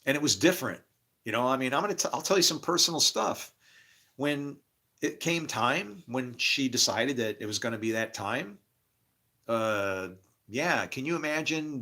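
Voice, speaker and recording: A man's voice: medium pitch, sharp tone. A middle-aged man talking candidly in a rambling, casual monologue, laughing often. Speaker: podcast host.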